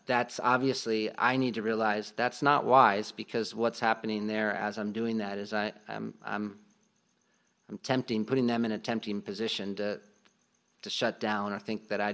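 A man's voice: on the low side, gravelly, fairly bright tone. A man giving a casual Bible teaching talk, often restarting his sentences with ums and light laughs.

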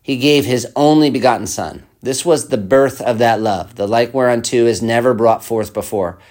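A man's voice: mid-range voice, moderate pace, a little mellow. A man preaching a sermon, reading an old text aloud and then explaining it in plain words, with hesitant restarts.

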